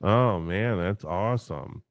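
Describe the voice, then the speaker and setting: Male guest, lower register, profane and animated raconteur; dry close-mic chat. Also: slow, no echo. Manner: animated, profane, acts out quotes. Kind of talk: casual livestream storytelling.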